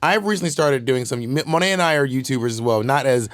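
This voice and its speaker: A man's voice: mid-range voice, quick pace. A man co-hosting a casual podcast, joking around, swearing and putting on mock voices. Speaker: co-host.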